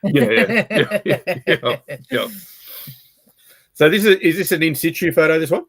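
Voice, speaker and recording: A man hosting a podcast, telling animated anecdotes, swearing freely and acting out what other people said. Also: on the high side, normal speed, husky, no room sound, poor audio. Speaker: podcast host. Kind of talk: casual chat.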